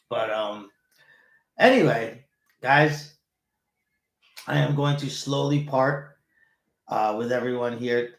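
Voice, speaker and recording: A man hosting a casual chat show, animated and rambling, swearing freely. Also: mid-range voice, vocal fry. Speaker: show host. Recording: roomy echo.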